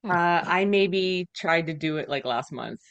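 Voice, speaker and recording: A woman with a fairly low voice tells a casual anecdote on a podcast. She giggles now and then as she talks. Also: lively intonation, a little slow, highs cut off. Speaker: podcast co-host. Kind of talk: casual chat.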